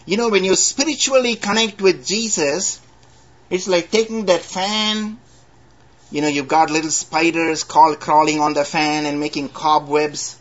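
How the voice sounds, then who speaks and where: High-voiced storytelling preacher man. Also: fairly bright tone. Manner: storytelling with humorous asides and slowed dramatic emphasis. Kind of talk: sermon. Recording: dull lo-fi recording.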